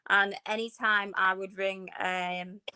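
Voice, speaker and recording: Female co-host with a softened Northeast English accent, bright and animated, chatty delivery. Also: medium pitch, slow, smooth. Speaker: podcast co-host. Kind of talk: casual chat.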